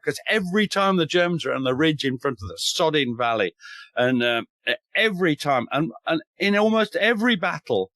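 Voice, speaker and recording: A man's voice: on the high side, animated, normal speed, fairly bright tone, no room sound. A man from the north of England, a historian chatting casually and eagerly on a podcast, with wry humor, mild swearing and many restarts. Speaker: historian and author.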